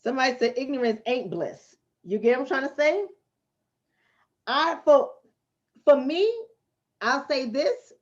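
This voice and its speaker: A woman's voice: high voice, expressive, a little slow, long pauses, lo-fi sound. A woman from the Bronx, hosting a casual livestream and answering her chat in a blunt, streetwise way that repeats points for emphasis. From the Bronx, New York City. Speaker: livestream host and relationship coach.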